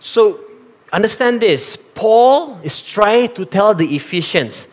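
Speaking slowly in a high voice, a Malaysian-accented preacher from Sarawak in East Malaysia addresses his congregation directly. He's animated throughout and weaves in phrases in Malay.

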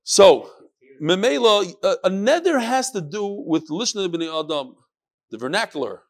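A man teaching a Talmud class in a lively, questioning manner, sprinkling in Yiddish and Hebrew terms to students in a study hall. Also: sits high, measured pace.

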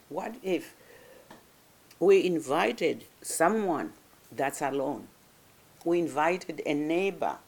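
A self-help speaker giving a reflective motivational monologue, thoughtful and speaking in short phrases with frequent pauses and restarts. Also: medium pitch, gravelly, a little mellow. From grew up in a village in another culture.

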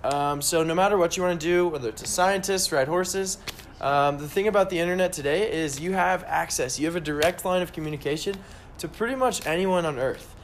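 A man's voice: a little high, fairly quick, a little hiss or hum. A young man chatting casually with students, giving encouraging career advice with lots of fillers. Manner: encouraging, upbeat, many fillers.

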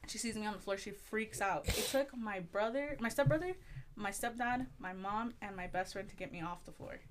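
A young woman telling a personal story in casual chat, animated, swearing a lot and acting out the voices she quotes. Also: medium pitch, moderate pace, a little hiss or hum. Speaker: guest storyteller.

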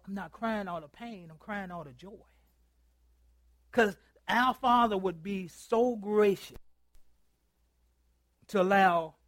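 A male pastor preaching a sermon, telling a story and acting out both sides of a phone call, calling for responses from his congregation and swinging from loud to hushed. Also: high-pitched, no room sound. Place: church.

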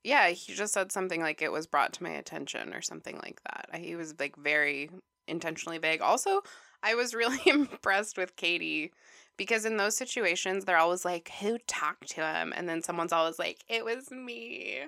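Bright, creaky-voiced woman chatting. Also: lowish voice, fairly quick, dry recording, clean studio sound. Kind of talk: casual podcast chat.

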